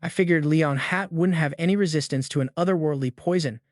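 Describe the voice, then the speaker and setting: A cold teenage boy assassin who speaks casually and flatly, as a man voices him. Nothing seems to bother him. The voice sits a little high, and the sound is dry and close. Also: a little fast, no echo, close to an everyday voice. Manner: casual, flat, unbothered.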